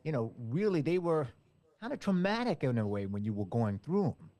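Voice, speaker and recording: A man interviewing a guest in a casual conversation, speaking haltingly with many restarts and fillers. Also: fairly high pitch, very animated, warm tone.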